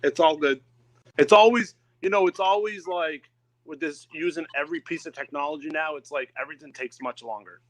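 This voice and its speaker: A man's voice: on the high side, a little fast, fairly bright tone, poor audio. A man hosting a casual online interview, asking questions in a friendly, prompting way. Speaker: host.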